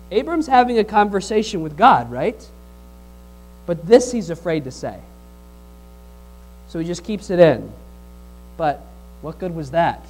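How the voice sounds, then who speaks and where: A man preaching a sermon, reading scripture aloud and putting questions to the congregation in an animated way. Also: high-pitched, rough recording.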